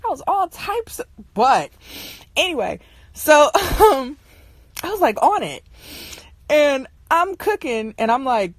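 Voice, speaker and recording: A woman's voice: high voice, big pitch swings, slow, pauses often, no room sound. A young woman telling stories to her viewers in a casual, exasperated way, often laughing as she rants. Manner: ranting, exasperated. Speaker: livestream host.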